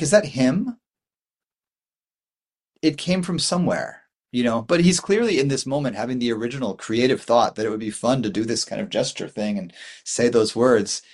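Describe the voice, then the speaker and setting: Speaking in a mid-range voice, a man in his forties who teaches Buddhist meditation offers a dharma talk. His thoughtful delivery wanders, frequently restarting and leaning on fillers.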